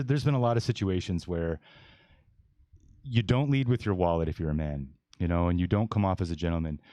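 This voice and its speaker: A man's voice: low voice, mellow, dry recording. A man in his forties hosting a casual podcast panel, talking bluntly and rambling with many restarts. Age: 40s. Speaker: podcast host.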